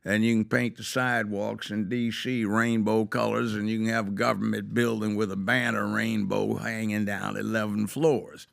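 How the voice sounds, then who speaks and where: Gravelly older man, emphatic talk. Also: lowish voice, flat delivery, moderate pace, hardly any pauses. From United States. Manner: emphatic, rising to loud exclamations. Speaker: guest, former judge. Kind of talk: opinionated talk show monologue.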